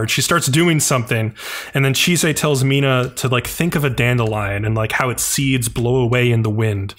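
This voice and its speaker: A man's voice: medium pitch, fairly quick, fairly bright tone. A man co-hosting a podcast, casually retelling an anime episode in a loose, rambling way full of filler words. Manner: loose, filler-heavy storytelling with many "like"s. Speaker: podcast co-host.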